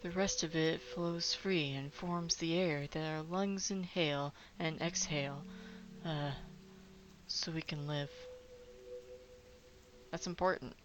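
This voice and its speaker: A woman's voice: sits low, steady tone. A woman doing a hesitant, fussy mine clerk. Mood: explaining. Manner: hesitant, halting and polite. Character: nervous fussy clerk of the mines. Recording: dull lo-fi with faint noise.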